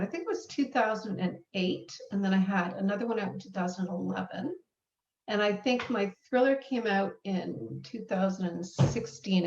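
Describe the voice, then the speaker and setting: A woman's voice: mid-range voice, vocal fry. A middle-aged woman author telling her story casually, rambling and self-deprecating with many restarts. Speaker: author guest. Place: live event hall. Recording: dull roomy sound from far off.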